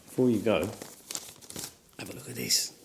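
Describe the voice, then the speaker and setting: A man's voice: on the low side, sing-song, moderate pace, creaky, a little hiss or hum. A man in a scripted sitcom, trading wry, self-mocking banter. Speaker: lead character in a sitcom.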